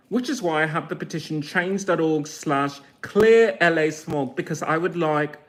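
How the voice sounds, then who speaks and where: A man in his forties, talking to camera in a blunt, mocking rant full of swearing. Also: sits high. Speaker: vlogger.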